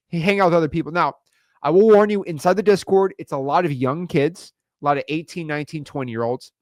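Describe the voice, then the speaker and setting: A young man coaching real estate wholesaling in an energetic online course style, hyped and slangy with rapid repeated words. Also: a little high, no echo, clean studio sound.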